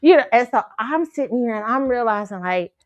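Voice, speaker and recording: A woman's voice: fairly high pitch, lively intonation, fairly quick, no room sound, muffled recording. A woman hosting her own show, telling a story in a casual, profane way and laughing often. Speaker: show host.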